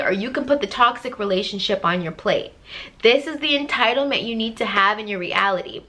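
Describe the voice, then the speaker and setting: A woman's voice: fairly high pitch, fairly bright tone. A woman life coach giving a motivational talk to camera, emphatic and direct, hammering her points with repetition.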